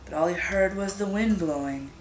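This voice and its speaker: A woman reading a scary story aloud in a suspenseful, drawn-out way, whispering the sound effects. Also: fairly low pitch. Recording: echoey room with music behind.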